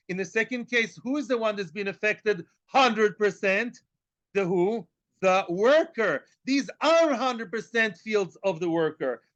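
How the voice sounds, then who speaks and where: High, lively male Talmud teacher. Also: lo-fi sound. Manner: lively, acts out both sides of the argument, mixes in Hebrew and Yiddish terms. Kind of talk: animated Talmud class.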